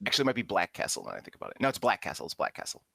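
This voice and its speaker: A man co-hosting a casual podcast, quick to react and joke. He talks fast with a bright, forceful tone, and his pitch swings widely. The recording is dry and close. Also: huge pitch swings, gravelly, breathy edge, dry recording. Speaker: podcast co-host. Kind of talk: casual chat.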